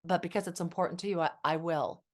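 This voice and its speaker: A woman's voice: fairly low pitch, steady tone, quick pace. A middle-aged woman, a therapist guest on a podcast, telling stories and acting out the quotes. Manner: warm storytelling with acted quotes. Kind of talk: podcast conversation.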